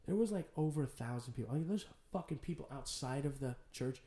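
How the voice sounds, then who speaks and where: A man from San Jose, a podcast guest, telling personal stories in casual, animated talk with plenty of swearing. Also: medium pitch, fast. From San Jose, California. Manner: animated, swears freely, storytelling. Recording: roomy echo.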